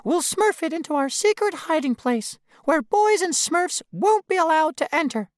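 Tiny squeaky smurf girl from a storybook, guy doing it way up high, dry sound. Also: lively intonation, normal speed, no echo. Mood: eager. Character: small sweet female Smurf, lively and friendly. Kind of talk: storybook read-aloud.

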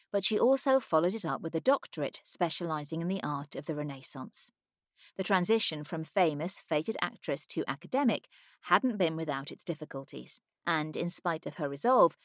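A woman narrating an audiobook in a measured, even storytelling manner, close to a studio mic. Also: low voice, no echo. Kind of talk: scripted narration.

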